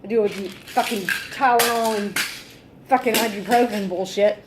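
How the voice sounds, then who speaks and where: A woman's voice: medium pitch, normal speed, background noise. A woman venting in a casual vlog, exasperated and heavily profane, sighing often. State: fed up and irritable. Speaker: vlogger.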